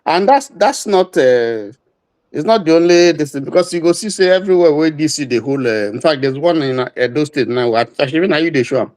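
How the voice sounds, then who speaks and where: A man's voice: a little high, lively intonation, brisk, a little mellow. A Nigerian man joining a livestream discussion as a guest, talking conversationally in a mix of Pidgin and English. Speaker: guest caller.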